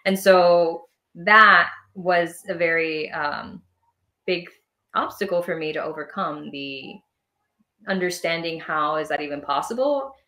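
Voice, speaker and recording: A woman talking as a guest on a podcast, animated and quick to laugh, sometimes acting out voices as she explains. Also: low voice. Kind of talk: casual interview chat.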